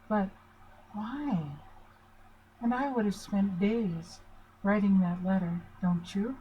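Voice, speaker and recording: A woman's voice: medium pitch, mellow, a little hiss or hum, poor audio. An older woman giving an informal, chatty lesson at a board, asking her listeners questions to reassure them. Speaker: family relationship teacher. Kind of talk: informal talk at a whiteboard.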